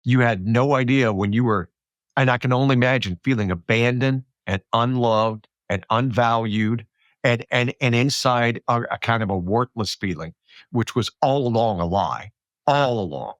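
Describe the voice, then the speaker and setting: A man's voice: medium pitch, moderate pace, no echo, muffled recording. A man hosting a podcast, reflecting aloud in a thoughtful, rambling way with many restarts, close to the mic. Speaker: podcast host. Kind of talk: reflective interview chat.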